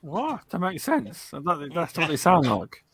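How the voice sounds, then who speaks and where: A man's voice: a little high, sing-song, unhurried, gravelly, fairly bright tone. A man hosting a gaming podcast, rambling through jokey stories in casual chat.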